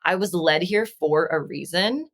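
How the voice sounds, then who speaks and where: In a casual podcast conversation over video call, an energy healer from Las Vegas, United States, speaks a little slowly in a fairly low voice. Her manner is earnest and reflective, and she acts out quoted dialogue.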